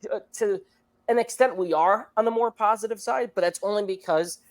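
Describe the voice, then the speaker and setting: A man's voice: sits high, fairly quick. A man co-hosting a movie review podcast, talking in a casual, rambling way with lots of fillers. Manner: rambling, many fillers and restarts. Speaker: podcast co-host.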